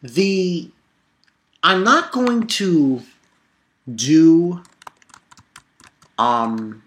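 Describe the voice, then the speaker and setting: A man's voice: a little high, very animated, extremely slow, fairly bright tone. A young man casually recapping a cartoon episode, rambling and swearing, with lots of fillers and restarts. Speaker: anime episode reviewer.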